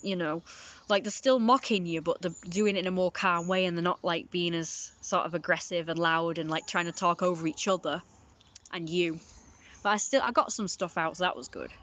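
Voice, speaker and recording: A woman's voice: on the low side, fairly quick, fairly bright tone. A woman giving casual live-stream commentary, rambling and often repeating herself with filler words.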